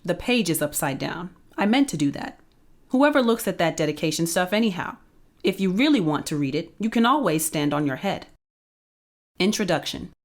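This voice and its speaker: A woman's voice: lowish voice, animated, moderate pace. Playful woman reading a storybook aloud. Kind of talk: reading a children's book aloud.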